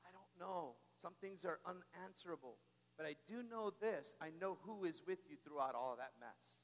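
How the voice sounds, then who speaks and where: A man's voice: fairly high pitch, moderate pace. A man preaching a sermon as pastor, exhorting the congregation with call-and-response. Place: church sanctuary. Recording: long reverb of a large hall.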